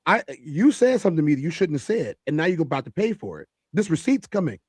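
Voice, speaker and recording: A man's voice: fairly high pitch, sing-song, fast talker, darkish tone, slightly rough, no room sound. Give me an emphatic man hosting a reaction commentary, recorded dry and close. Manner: emphatic, repeats phrases for effect. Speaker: host.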